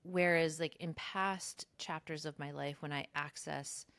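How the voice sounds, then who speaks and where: Her tone is steady, fairly bright and clean, and she talks at a measured pace with no echo as she co-hosts a laid-back spiritual podcast. She's reflective and full of fillers, especially "like," and she mimics her own past words in high, mocking voices.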